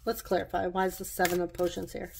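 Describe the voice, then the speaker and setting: A woman's voice: fairly low pitch, flat delivery, fast, gravelly, heavy background noise. A woman talks through a pick-a-card tarot reading in a casual, rambling way. She laughs at her own slips and keeps the tone chatty as she goes from card to card.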